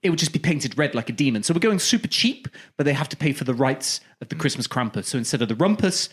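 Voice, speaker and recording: Guy cohosting a podcast, pitch jumps all over, jokey hype-man energy. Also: quick pace, husky. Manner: animated, jokey, pitches wild ideas with mock-salesman bravado. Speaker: podcast co-host. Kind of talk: casual comedic chat.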